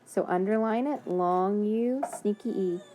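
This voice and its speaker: Slow, patient woman teaching phonics. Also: medium pitch, mellow, a little hiss or hum. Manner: patient, encouraging, sounds out words slowly. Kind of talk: phonics lesson for young children.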